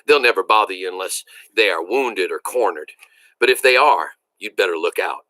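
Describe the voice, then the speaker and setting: A man reading aloud, voicing a booming, kind rural father in a novel. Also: expressive, normal speed, sharp tone, no echo. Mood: reassuring. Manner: booming, hearty.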